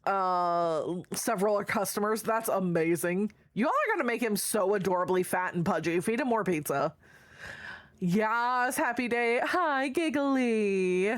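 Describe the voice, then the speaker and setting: This streamer's medium-pitched voice is animated and moves at normal speed, with no room sound. She reads her chat aloud, swearing freely, affectionately greeting viewers by name in casual conversation.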